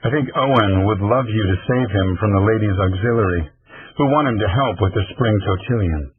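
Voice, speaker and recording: A man's voice: fairly low pitch, moderate pace, breathy edge, no echo. A male audiobook narrator voicing a wealthy, composed, possessive man who speaks coolly and with assurance. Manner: cool, assured. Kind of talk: audiobook reading. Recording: tinny phone-like lo-fi recording.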